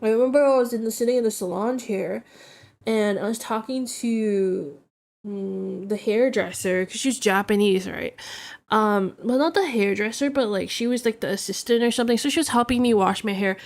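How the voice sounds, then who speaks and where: A woman's voice: a little high, moderate pace, darkish tone. A woman streamer chatting casually, a little tipsy, rambling and reacting to her chat.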